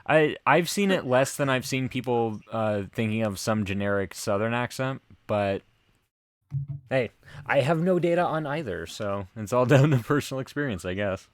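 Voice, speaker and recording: A man's voice: medium pitch, animated, moderate pace, dry recording, clean studio sound. An American man co-hosting a casual podcast chat, joking around and explaining things at length. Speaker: podcast co-host.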